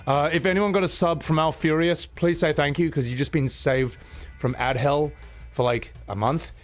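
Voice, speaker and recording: A man's voice: a little high, steady tone, moderate pace, soft background music. A man in his thirties chatting casually and animatedly on a live game stream, laughing often. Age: 30s.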